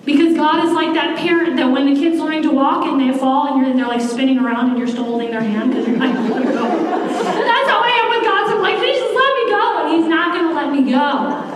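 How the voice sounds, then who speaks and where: A woman's voice: very high voice, a little hiss or hum. A woman in her forties preaching a sermon, talking candidly and conversationally with personal asides. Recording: echoey hall from far off.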